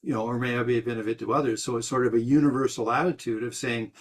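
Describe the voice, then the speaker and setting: Guy teaching meditation, kinda rambly, lots of "you know", normal pitch. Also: rapid-fire, hardly any pauses. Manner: rambling, many restarts and fillers. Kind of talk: dharma talk answering questions.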